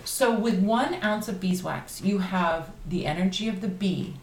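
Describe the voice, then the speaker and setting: A woman talking casually on a podcast about candle magic, chatty and animated. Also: mid-range voice, measured pace. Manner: chatty, animated, laughs easily. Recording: roomy echo, faint background noise.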